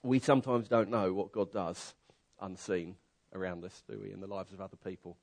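A man preaching a conversational sermon, telling a story that swings from quiet asides to loud, excited bursts. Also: deep voice, fairly quick, vocal fry.

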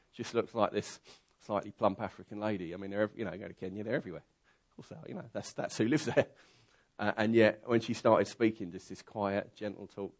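Preacher, lowish voice, vivid storytelling. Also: male voice. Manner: storytelling, swings from quiet asides to loud excited bursts. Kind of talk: conversational sermon.

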